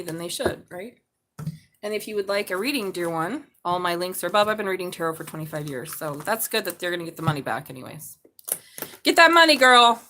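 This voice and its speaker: A woman's voice: mid-range voice, a bit bright, slight background noise. A woman doing a live tarot reading, chatty and blunt, swearing and laughing as she talks. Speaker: tarot reader.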